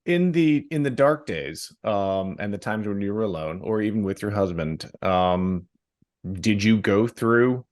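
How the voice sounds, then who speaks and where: A man's voice: lowish voice, lively intonation, a little slow, darkish tone. A man hosting a podcast, asking long questions with many restarts and rephrasings. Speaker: podcast host. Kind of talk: interview questions.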